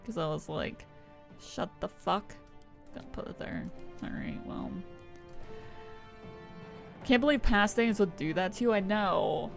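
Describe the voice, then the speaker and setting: Young woman streamer, casual rambling chat, mid pitch, light laughs, soft music underneath. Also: huge pitch swings, unhurried, creaky, pauses often. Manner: rambling, swears and laughs often.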